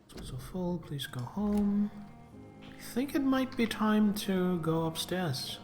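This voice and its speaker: A man's voice: high voice, animated, unhurried, a little mellow, faint music behind. A man streaming a game, rambling and thinking aloud in casual commentary.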